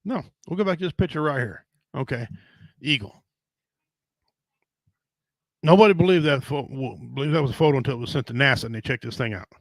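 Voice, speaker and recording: A man's voice: medium pitch, fairly quick, pauses often, no echo, rough recording. A middle-aged man hosting a casual podcast chat, talking in a blunt, rambling, folksy way with casual swearing. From Native American.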